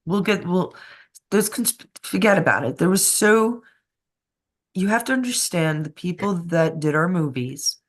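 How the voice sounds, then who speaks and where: A woman's voice: fairly low pitch, expressive, a little slow. A woman co-hosting a casual conspiracy talk show, chatty and laughing often as she jumps between topics. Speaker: podcast co-host.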